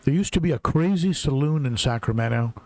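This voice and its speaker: A man's voice: medium pitch, expressive, fairly quick, a little mellow, no echo. A middle-aged man from Southern California hosting a live stream, chatting casually and reading out viewers' names as they come in. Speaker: livestream host. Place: home, in Tennessee.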